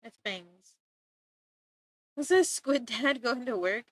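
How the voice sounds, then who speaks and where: A woman's voice: on the high side, slow, pauses often, no echo. A woman streaming live while she draws, chatting casually and playfully, giggling and making exaggerated complaints.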